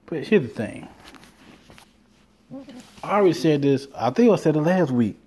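A man's voice: fairly high pitch, lively intonation, moderate pace, a little mellow. A man hosting a podcast, talking loosely and rambling, swearing freely and acting out quoted lines. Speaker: podcast host. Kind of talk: casual monologue.

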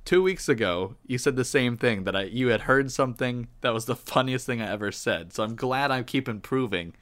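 A man's voice: mid-range voice, brisk, fairly bright tone. A man co-hosting a podcast, chatting casually with dry, self-mocking humor. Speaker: podcast co-host. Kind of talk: casual chat.

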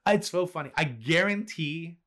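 Bright-voiced man, swearing casually. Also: fairly high pitch. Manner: relaxed, swears casually, quick agreeing interjections. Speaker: podcast host. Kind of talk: casual chat.

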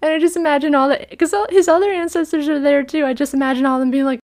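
A woman co-hosting a film podcast, recapping a movie in casual, animated chat with laughs and the odd swear. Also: high-pitched, very fast. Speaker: podcast co-host.

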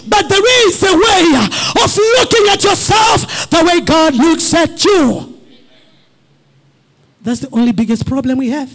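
High-voiced man preaching, shouting in bursts. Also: a little slow. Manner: preaching with shouted, crying peaks and repeated refrains. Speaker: pastor. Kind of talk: sermon.

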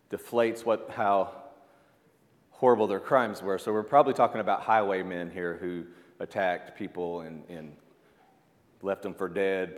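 A man's voice: low voice, big-room sound. A man preaching a sermon as pastor, conversational, with asides, fillers and calls of "amen" to the congregation.

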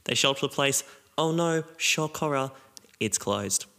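A man's voice: mid-range voice, animated, moderate pace, creaky, pushed and bright. A man co-hosting a casual podcast chat, recapping a cartoon episode in a rambling way with lots of ums and some swearing. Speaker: podcast co-host.

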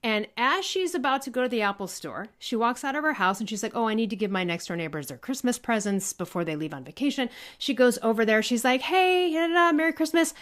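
A woman guest telling a personal story in casual conversation, animated, acting out what people said and swearing freely. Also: on the high side, quick pace, hardly any pauses. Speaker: podcast guest.

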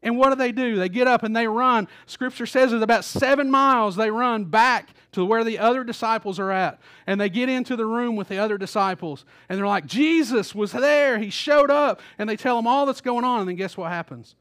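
A pastor with a high voice gives a sermon in a church auditorium through a stage microphone, telling the story in a relaxed, conversational manner. His delivery is brisk and smooth with hardly any pauses, and he sometimes repeats words and acts out quoted lines.

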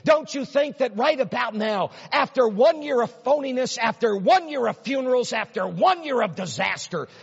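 Husky high-voiced preacher in echoing hall. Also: male voice, expressive, normal speed, few pauses. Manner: dramatic, swings from hushed near-whispers to loud emphatic runs; repeats words and builds rhetorical questions. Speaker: pastor. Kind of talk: sermon. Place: large church hall. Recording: dull, reverberant hall sound.

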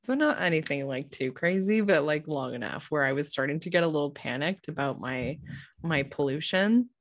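Low-voiced, swearing woman. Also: expressive, moderate pace, no echo. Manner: blunt, swears freely, laughs often. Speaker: podcast co-host. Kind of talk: casual chat.

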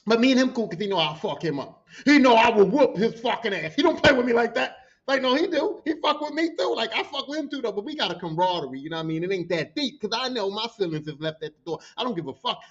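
Male podcast host, high voice, profane and animated storyteller, dull lo-fi sound. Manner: profane, animated, acts out quotes.

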